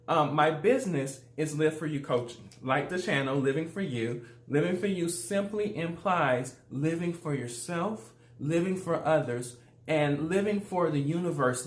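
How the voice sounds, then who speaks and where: Southern-accented male life coach, higher voice, upbeat and chatty, roomy echo. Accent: Southern US, Louisiana. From Louisiana, USA. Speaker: life coach, channel host. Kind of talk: casual motivational talk to camera.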